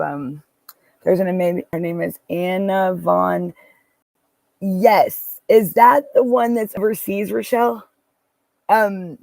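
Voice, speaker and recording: Gravelly man chatting live from his car. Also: high-pitched, no room sound. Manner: rambling, reads viewer comments aloud, many restarts. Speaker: livestream host. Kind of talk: casual livestream chat. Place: parked car.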